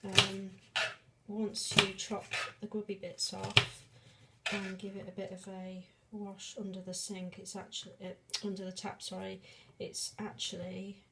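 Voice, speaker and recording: A woman's voice: mid-range voice, monotone, measured pace, background noise. A woman vlogging a casual cooking demonstration in a home kitchen, rambling and self-deprecating with many fillers and restarts, sniffing as onions make her eyes water.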